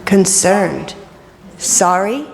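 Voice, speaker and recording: A woman minister leading an interactive sermon, chatty and playful with quick jokes, in a church. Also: mid-range voice, animated, gravelly, crowd noise. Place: church sanctuary. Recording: reverberant church hall.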